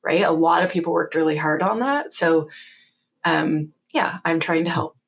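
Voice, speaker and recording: A Canadian woman in her forties, a guest in an interview, telling stories in a lively way, laughing often and wryly quoting herself. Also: low-pitched, moderate pace, gravelly. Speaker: guest, security author. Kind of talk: casual interview storytelling.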